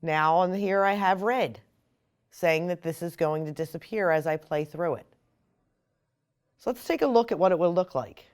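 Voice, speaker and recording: A woman explaining software step by step in a screen-recorded tutorial. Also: on the low side, normal speed, long pauses. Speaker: software instructor.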